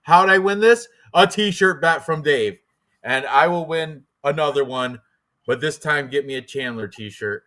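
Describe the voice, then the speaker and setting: A man hosting a fight prediction show in casual chat, rambling and excitable, with lots of fillers and restarts. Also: on the high side, a little slow.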